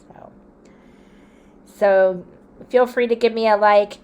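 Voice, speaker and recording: A woman vlogger talking casually to camera, chatty and playful, laughing often and drifting into soft asides. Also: medium pitch, fairly even intonation, slow pace, smooth, dull audio.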